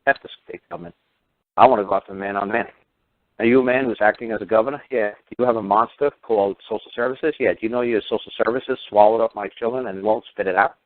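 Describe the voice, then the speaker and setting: Fast-paced and steady in tone, this man's lowish voice carries no echo. He's a radio show host on a heated rant, full of sarcastic rhetorical questions and occasional swearing, recorded as tinny phone-line radio audio.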